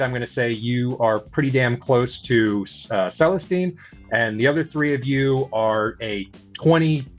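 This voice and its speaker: A man narrating a tabletop game as game master, with many halting filler sounds. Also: mid-range voice.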